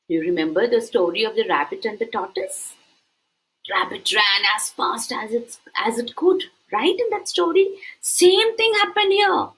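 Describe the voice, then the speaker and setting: Reading a picture book to young children, this preschool teacher is animated and frequently asks them questions. Her voice is a little high and unhurried, captured in a low-quality recording.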